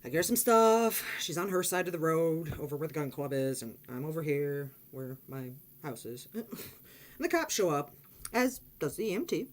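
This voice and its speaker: A woman casually telling a personal story on her vlog, animated and blunt, acting out quotes and swearing freely. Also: normal speed. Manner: animated, swearing, acts out quotes in high excited voice. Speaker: vlogger.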